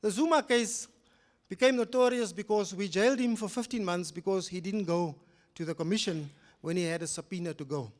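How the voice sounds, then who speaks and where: An older man with a South African accent giving a public lecture, telling a case as a story, swinging between loud emphatic rises and quiet low asides. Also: fairly quick. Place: lecture hall.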